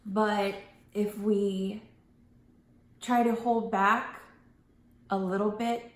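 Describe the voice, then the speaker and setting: A woman chats to camera in a relaxed, rambling vlog style, drifting off track and circling back. Her voice sits at a middle pitch and carries a roomy echo around it. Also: very slow. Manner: rambling, loses her thread, acts out quoted voices. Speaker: vlogger. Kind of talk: casual talking-to-camera vlog.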